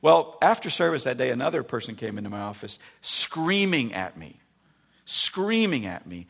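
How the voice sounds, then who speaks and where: Guy preaching a sermon, gravelly husky voice, acts out the people in his stories. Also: mid-range voice, moderate pace. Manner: animated storytelling, acting out voices. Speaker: pastor.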